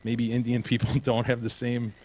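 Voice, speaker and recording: A man's voice: medium pitch, monotone, moderate pace, warm tone. A man co-hosting a casual podcast, arguing his point with rhetorical questions. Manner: argumentative, poses rhetorical questions. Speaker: podcast co-host.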